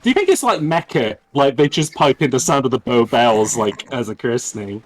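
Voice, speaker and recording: A man's voice: mid-range voice, brisk. A young man from Wales with a Welsh accent, swearing and joking with friends as he hosts a casual gaming stream. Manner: swearing, joking, animated banter.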